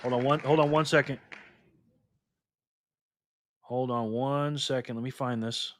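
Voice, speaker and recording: A middle-aged man hosting a casual live stream, lively and teasing, laughing often as he reacts to chat. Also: mid-range voice, measured pace, no room sound, studio quality, some chatter behind.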